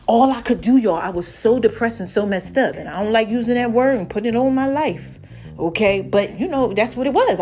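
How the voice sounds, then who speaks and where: Woman, casual faith chat, acts out voices, soft music behind. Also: mid-range voice. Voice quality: lively storytelling with acted voices. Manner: chatty, keeps asking "right?". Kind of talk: casual faith talk to followers.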